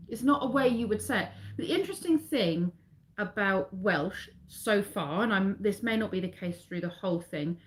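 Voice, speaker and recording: A woman's voice: medium pitch, lively intonation, normal speed. A middle-aged woman with an English accent, chatting casually with live viewers and rambling as she corrects herself along the way. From England. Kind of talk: casual live-stream chat.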